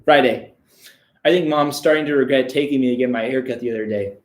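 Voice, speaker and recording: A man giving a deadpan, mock-serious reading of a children's book on a live stream, breaking off for crude asides. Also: mid-range voice, brisk, echoey room.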